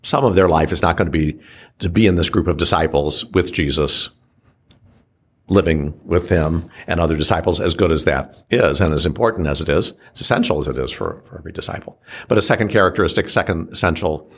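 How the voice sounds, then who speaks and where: A man speaking as an archbishop in a reflective teaching conversation, slow and measured, often pausing and restarting his sentences. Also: sits low, slightly rough.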